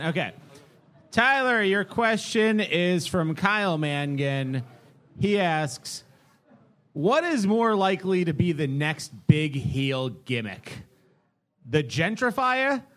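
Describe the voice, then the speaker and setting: Slow talking host guy, high bright voice, reads out the questions. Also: expressive. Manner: announcing, reading questions aloud. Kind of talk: hosting a live comedy game.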